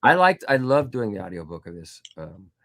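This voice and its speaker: A middle-aged man sits as a guest in an interview, telling stories in a relaxed, rambling way. His voice sits low, and he fills it out with little voiced impressions and plenty of fillers. The sound is dry and close, with no room around it. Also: normal speed, creaky, dry recording. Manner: animated anecdotes with voiced quotes and frequent fillers. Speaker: guest author. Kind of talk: casual storytelling interview.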